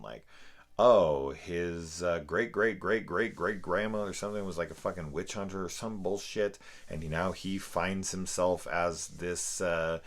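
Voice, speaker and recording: A man's voice: extremely low pitch, fairly bright tone. A man reviewing a film in a casual, profane, exasperated rant. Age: adult parent. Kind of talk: casual spoken movie review.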